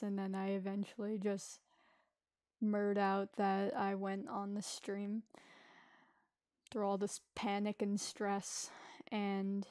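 Slow, halting woman telling a painful story. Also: mid-range voice, a little mellow, no room sound, clean studio sound. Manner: halting, hesitant, many restarts. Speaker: vlogger. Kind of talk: personal confessional storytelling.

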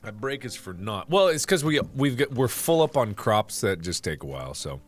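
A man's voice: on the low side, sing-song, moderate pace, hardly any pauses, faint music behind. A man streaming a farming game, chatting casually and joking while he talks through his plans. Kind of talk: casual gameplay chat.

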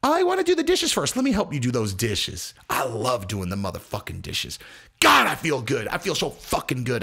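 A man's voice: fairly high pitch, gravelly, sharp tone, breathy edge. A man hosting his own commentary channel, talking in a loose, profane, rambling way and acting out little voices as he goes. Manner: profane, rambling, acts out voices mid-story. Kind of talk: casual commentary monologue.

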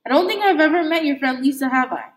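A woman's voice: high-pitched, animated, quick pace. A woman voicing a firm, knowing housekeeper with a dry, probing manner. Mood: stern. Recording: echoey room.

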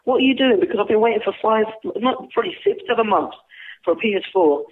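A man calling from the UK, fed up and pleading for his money back. His voice sits high and strained. The sound is thin and boxed-in, like a phone line. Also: fast. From United Kingdom. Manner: exasperated and pleading. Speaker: prank call target.

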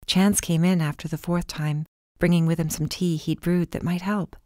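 Woman reading an audiobook, low voice, dry close sound, calm and steady. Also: no echo. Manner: calm, measured storytelling. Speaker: audiobook narrator. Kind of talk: first-person audiobook narration.

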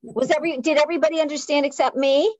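A woman's voice: high voice, steady tone, fast talker, darkish tone. A woman from Canada chatting on a video call in a zany, exclamatory, gushing way. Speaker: guest author. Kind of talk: casual video call chat. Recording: dull lo-fi video call audio.

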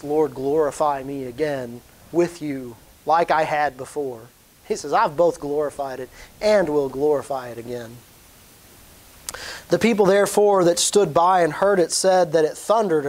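A man preaching a sermon as pastor, earnest and rising in pitch when he stresses a point. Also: a little mellow.

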